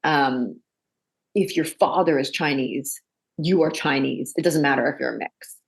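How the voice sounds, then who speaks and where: Brief: low, gravelly woman, guest actor, lively storyteller. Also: a little slow. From Canada. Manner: chatty, animated storytelling with quoted voices. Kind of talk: casual interview.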